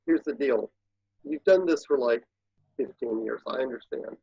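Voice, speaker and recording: A man talks in a husky, slightly breathy voice, pressing his points home with an emphatic coaching manner. The audio is dry and muffled, with a lo-fi dullness. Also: mid-range voice, normal speed, no echo. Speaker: guest, productivity speaker and consultant. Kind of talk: casual interview talk.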